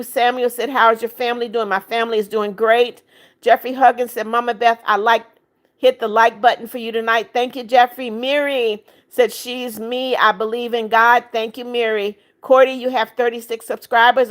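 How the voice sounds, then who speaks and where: A woman's voice: on the high side, steady tone, normal speed, fairly bright tone. A woman in her seventies hosting a livestream, reading out chat comments, pleading for likes and subscribes, and bluntly scolding rude viewers. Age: 70s. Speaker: livestream host.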